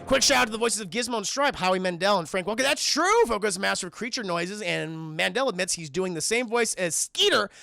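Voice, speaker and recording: A man's voice: high voice, lively intonation, a little fast, gravelly, hardly any pauses, pushed and bright, no room sound. A young man recapping a film on a live stream, swearing freely and constantly addressing his chat.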